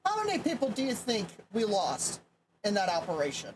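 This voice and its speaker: A woman's voice: medium pitch, huge pitch swings, a little fast, rough recording. A woman co-hosting a livestream, bantering with giggles and casual swearing. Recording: clear room noise behind.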